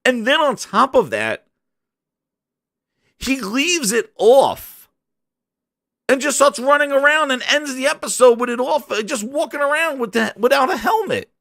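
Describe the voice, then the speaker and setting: A man's voice: very high voice, measured pace, vocal fry, pauses often, no echo, clean studio sound. A man hosting a gaming channel, ranting in casual livestream commentary and chatting with his viewers. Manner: animated, ranting, chats with viewers.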